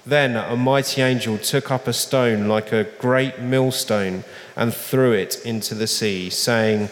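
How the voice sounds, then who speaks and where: A man reading scripture aloud in a slow, solemn manner, lifting his voice for the quoted laments. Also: fairly low pitch, steady tone. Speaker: scripture reader. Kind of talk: public Bible reading. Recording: long reverb.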